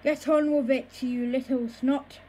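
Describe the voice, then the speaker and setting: A woman's voice: high voice, fairly even intonation, a little slow, dark tone, slight background noise, poor audio. A woman voicing a huge, grumpy, greedy old troll grandmother in a storybook reading, barking and snapping her lines. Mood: impatient.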